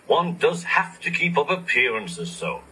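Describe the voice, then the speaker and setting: A man's voice: mid-range voice, sing-song, measured pace, sharp tone, slightly rough, pitched above the performer's own voice, exaggerated voice, poor audio. A man voicing a proud, grumpy large male steam engine in a storybook, talking pompously and huffily. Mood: huffy. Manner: pompous, huffy.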